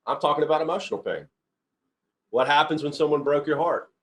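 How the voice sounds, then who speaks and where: A man's voice: on the high side, brisk, fairly bright tone. A middle-aged man, a company CEO, giving an informal motivational talk, rambling through personal stories with frequent restarts. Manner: rambling, restarts often, earnest storytelling.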